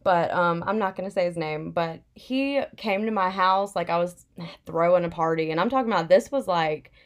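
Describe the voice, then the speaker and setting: A woman's voice: fairly low pitch, moderate pace. A young woman in casual chat, telling a personal story candidly with plenty of "like" fillers.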